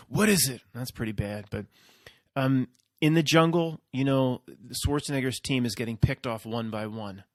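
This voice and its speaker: A man with a medium-pitched voice hosts his own video, speaking in a casual, rambling monologue and frequently checking in with his listeners. The audio is studio quality with no room sound.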